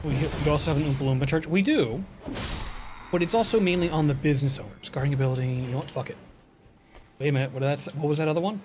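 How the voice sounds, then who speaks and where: A fairly high-voiced man streams a video game and chats casually, swearing freely as he rambles and complains. Game music plays clearly behind his voice. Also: fast, a little mellow. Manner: profane, exasperated rambling while playing. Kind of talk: casual gameplay commentary.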